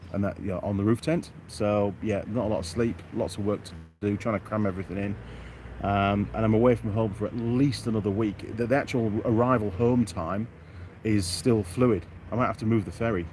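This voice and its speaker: A man's voice: on the low side, darkish tone, a little hiss or hum. A middle-aged man from York, England, hosting a casual outdoor live stream, chatting and reading out viewer comments by name in a self-deprecating way.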